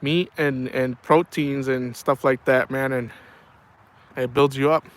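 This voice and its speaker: A man's voice: mid-range voice, fairly even intonation, unhurried. A middle-aged man chatting casually on a livestream, telling rambling stories and saying "man" a lot. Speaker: livestream host.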